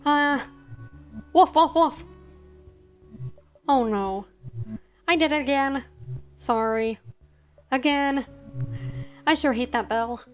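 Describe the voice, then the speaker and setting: A woman voicing an excitable, friendly ghost dog who chatters sweetly. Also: high-pitched, slow, long pauses, faint music behind. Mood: excited.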